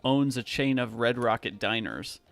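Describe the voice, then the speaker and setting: A man co-hosting a podcast, casually reading out quiz questions and laughing often. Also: medium pitch. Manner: laughs often, quick and chatty. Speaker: podcast co-host running a quiz. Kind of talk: casual chat.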